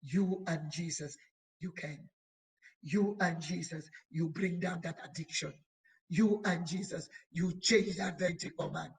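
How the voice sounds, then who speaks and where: In a low-quality recording, a woman bishop with a lowish voice preaches a sermon. She exhorts emphatically and repetitively, building force through repeated phrases, and her delivery is slow and deliberate with stretched-out words.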